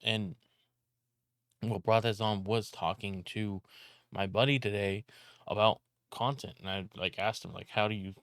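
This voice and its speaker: A young man ranting casually to camera about content creation, talking loudly with frequent restarts and some swearing. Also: lowish voice, fairly even intonation, measured pace, no echo, clean studio sound. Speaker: content creator and video editor. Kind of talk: casual vlog rant.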